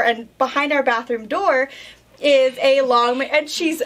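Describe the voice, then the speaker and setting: Animated high-voiced woman telling stories. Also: measured pace. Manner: animated storyteller, laughs often. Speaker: quilt shop co-host. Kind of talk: casual chat.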